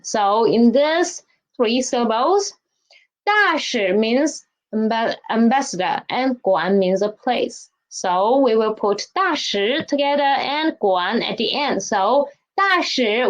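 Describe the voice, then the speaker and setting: A woman's voice: fairly high pitch, poor audio. A woman teaching a Chinese language lesson, asking questions and having learners repeat words after her. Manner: slow, questioning teacher talk with repeated drills.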